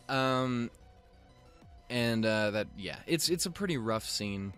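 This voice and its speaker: A man's voice: medium pitch, a little slow, fairly bright tone, clear, resonant tone, faint music behind. A man giving a casual episode recap with rambling, restarting sentences and offhand swearing. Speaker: show reviewer.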